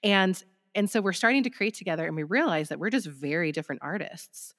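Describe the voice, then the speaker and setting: A woman's voice: fairly low pitch, expressive, fairly quick, a bit bright, in a large hall. A woman in casual conversation, agreeing and then telling a reflective story.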